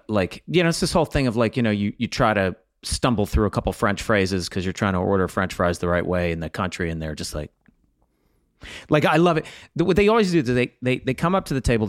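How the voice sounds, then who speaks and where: A man co-hosting a comedy podcast in loose, rambling chat. His pitch swings a lot as he talks. The recording is close and dry, with no room sound. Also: dry recording. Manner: rambling, swearing, bursts into mock quotes. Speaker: podcast co-host.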